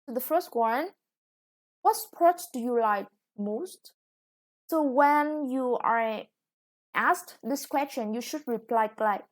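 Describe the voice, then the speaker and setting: A woman teaching an English vocabulary lesson, patiently explaining words one by one with frequent fillers. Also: a little high.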